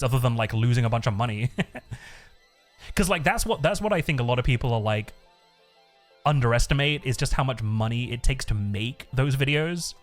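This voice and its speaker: A man streaming live, chatting casually in a rambling way, swearing a lot and laughing often. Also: medium pitch.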